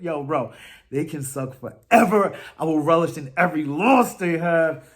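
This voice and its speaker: A man hosting a fan podcast, talking football in a casual, animated, trash-talking way, full of slang and fillers. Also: a little high, fairly quick.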